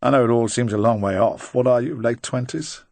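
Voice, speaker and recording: A man voicing a dry, probing retired agent of fifty, speaking slowly and quietly. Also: medium pitch, gravelly, no room sound, natural voice. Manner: slow, quiet, deliberate.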